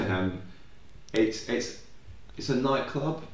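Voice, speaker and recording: Speaking slowly in a medium-pitched voice, this young man co-hosts a podcast in a reverberant setting. The conversation is casual, full of tangents and lots of cursing.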